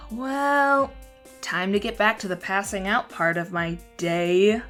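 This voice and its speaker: A woman's voice: mid-range voice, slow pace, a bit bright, faint music behind. A young woman in a fantasy audio drama delivering a sarcastic, rambling monologue straight to the listener. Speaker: character trapped alone.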